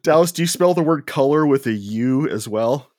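Brief: a joking male co-host, mid-pitched, dry mic. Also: expressive, moderate pace, a little mellow, dry recording. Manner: teasing, joking. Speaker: podcast co-host and editor. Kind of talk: casual movie review chat.

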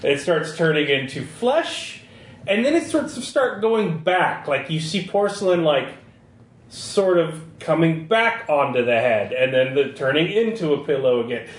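A man's voice: on the high side, expressive. Man narrating as a game master. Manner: descriptive, halting narration. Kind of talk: narrating a tabletop horror game. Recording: roomy echo.

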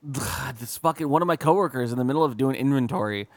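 A man's voice: medium pitch, fast talker, no room sound, studio quality. A man co-hosting a podcast, chatting casually with lots of fillers, swearing and mock indignation. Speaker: podcast co-host. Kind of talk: casual chat.

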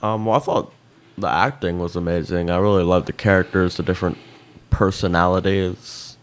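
A man's voice: low-pitched, little pitch movement, normal speed, slight background noise. A man co-hosting a casual movie review chat, hesitant and often starting with fillers. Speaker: podcast co-host.

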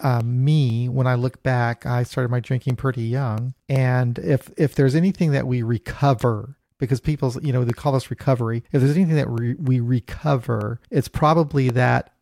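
A man's voice: mid-range voice, fairly even intonation, moderate pace, creaky, hardly any pauses, a little mellow, no room sound. A man in recovery reflecting thoughtfully in conversation, agreeing and hesitating as he finds his words. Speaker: fellow person in recovery.

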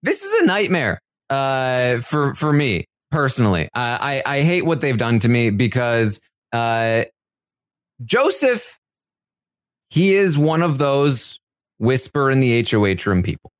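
A man's voice: medium pitch, animated, unhurried, clean tone, no room sound. Rambling man on a dry, close podcast mic. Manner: rambling, many fillers and restarts. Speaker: podcast co-host. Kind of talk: casual chat.

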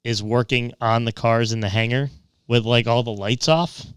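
A chatty man talks up a film he loved, dropping plenty of fillers as he goes. His voice is smooth and clear, with an ordinary pitch, and the dry sound places the mic close to him. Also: steady tone, normal speed, no room sound. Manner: enthusiastic, chatty, filler-heavy. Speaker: podcast co-host. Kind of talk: casual movie review chat.

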